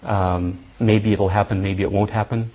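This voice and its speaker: Guy teaching a bible class, husky lowish voice, talks it through slow and careful. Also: flat delivery, darkish tone, rough recording. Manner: deliberate, thinking aloud with restarts and emphasis. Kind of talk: lecture on scripture.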